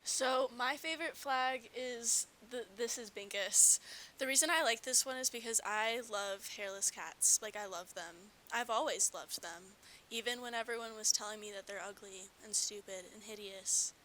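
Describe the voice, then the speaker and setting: A woman with a bright, fairly high voice, delivering a deadpan comedy bit with mock earnestness. A faint hiss runs under the recording. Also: moderate pace, low-quality recording.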